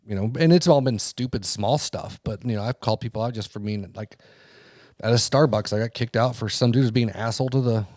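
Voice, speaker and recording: A man's voice: medium pitch, brisk, a little mellow, no room sound, studio quality. A man co-hosting a podcast, ranting heatedly and swearing constantly as he acts out what people said. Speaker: podcast co-host. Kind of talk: casual profane podcast rant.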